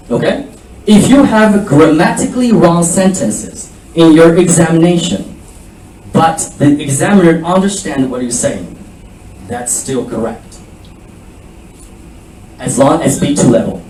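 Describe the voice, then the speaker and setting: Guy giving a seminar talk, kinda high voice, far from the mic in a roomy hall, drills french phrases. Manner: animated lecturing, mixing French phrases and drills. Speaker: school principal giving a seminar. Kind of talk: seminar talk to prospective students. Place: presentation room. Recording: echoey room, voice from afar, faint background hum.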